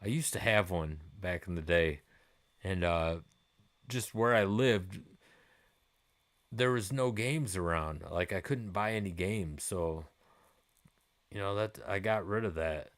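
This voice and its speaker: A man's voice: low-pitched, slow, long pauses. A man in his forties hosting a gaming live stream, chatting with viewers in a rambling, laid-back way and swearing freely.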